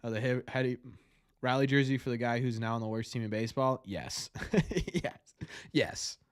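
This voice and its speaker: A man hosting a fan show, commenting live on a game as he watches, nervous and excitable, repeating his cheers. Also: medium pitch, normal speed, clean tone, no room sound, clean studio sound.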